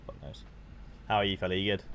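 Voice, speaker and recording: Low-voiced excitable streamer. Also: male voice, quick pace, a little hiss or hum. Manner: excitable, swears freely, talks to chat. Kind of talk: casual live-stream chat while watching football.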